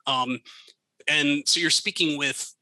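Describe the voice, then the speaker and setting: Bright, lively American man telling stories. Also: a little high, slow pace, dry recording, poor audio. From United States. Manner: animated, laughing storyteller. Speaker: podcast guest. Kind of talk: casual storytelling.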